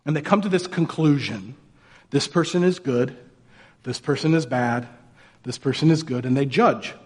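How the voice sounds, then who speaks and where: A man's voice: mid-range voice, normal speed, husky. A man preaching a sermon as pastor, talking casually and asking the congregation rhetorical questions. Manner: conversational, rhetorical questions, mocking put-on voices for quotes.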